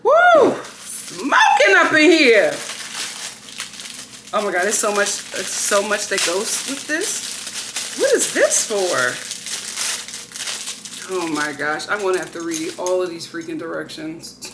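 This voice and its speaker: A woman's voice: on the low side, animated, unhurried, background noise. A woman vlogging casually at home, exclaiming and grumbling to her viewers as she unboxes something. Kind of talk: casual vlog chat. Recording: roomy echo, faint ambience.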